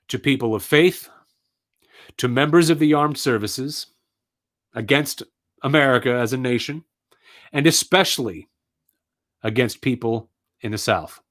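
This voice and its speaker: A man delivers a personal monologue in an earnest, indignant tone. His voice sits in an ordinary middle pitch, and he stresses his points by repeating phrases. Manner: earnest, indignant storytelling with emphatic repetitions. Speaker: speaker telling his political story.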